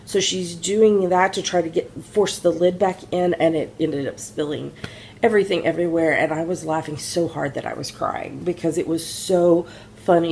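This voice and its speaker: Low gravelly woman chatting. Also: steady tone, normal speed, a little mellow, slight background noise. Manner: chatty, rambling storyteller with many fillers. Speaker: podcast co-host, mother. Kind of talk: casual chat about knitting.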